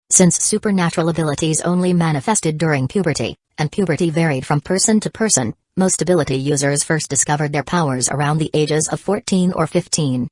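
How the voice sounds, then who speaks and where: A woman narrating an audiobook in a low voice. Her reading is even and unhurried, with uneven pauses. The sound is dry and close. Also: no echo.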